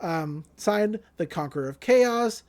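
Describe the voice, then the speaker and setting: A woman co-hosting a podcast, casually recapping an anime episode in a lively way, often laughing and acting out the characters' lines. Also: mid-range voice, unhurried. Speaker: podcast co-host.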